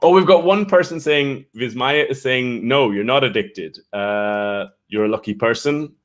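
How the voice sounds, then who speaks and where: Speaking in an unhurried, medium-pitched voice, an Irish man runs a relaxed live-stream chat for people learning English. He laughs a lot and welcomes viewers by name.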